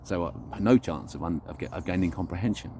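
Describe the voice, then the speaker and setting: A man's voice: low voice, animated, fast talker, warm tone, a little hiss or hum. A man vlogging an unscripted, reflective monologue, talking earnestly and searching for his words as he goes.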